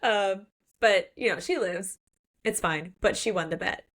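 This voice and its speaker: A woman's voice: fairly low pitch, moderate pace, a bit bright, a little hiss or hum. A young woman co-hosting a podcast, chatting casually and acting out characters' lines as she retells a story. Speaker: podcast co-host. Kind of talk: casual book recap chat.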